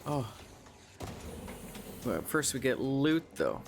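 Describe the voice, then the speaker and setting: A man's voice: mid-range voice, big pitch swings, slow, vocal fry, slight background noise. A man streaming a video game, giving casual, musing commentary and swearing freely. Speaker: gaming streamer.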